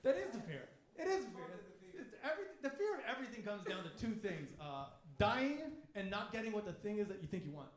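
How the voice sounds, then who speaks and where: A man doing a crude, animated stand-up comedy set on a club stage, acting out voices, with audience laughter around him. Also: high voice, fairly quick, few pauses. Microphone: handheld stage mic. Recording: echoey club room.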